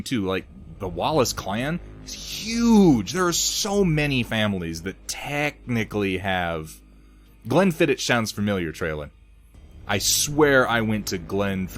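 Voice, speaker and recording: A man's voice: very animated, moderate pace, fairly bright tone, soft background music. An American man chatting casually with stream viewers while he paints, rambling and mocking himself. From United States. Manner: rambling, self-mocking banter with sudden jumps in pitch.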